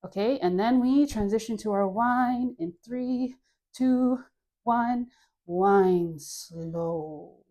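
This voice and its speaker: A woman with a Caribbean accent leading a guided dance class, relaxed and playful, counting moves and sighing through deep breaths. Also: takes it slowly. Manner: playful, laughs at her own jokes. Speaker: dance instructor.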